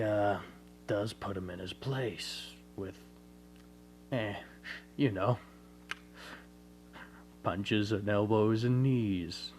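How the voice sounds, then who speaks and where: A man's voice: fairly low pitch, a little hiss or hum. A man telling an improvised fan story in a rambling, conversational way that keeps correcting itself.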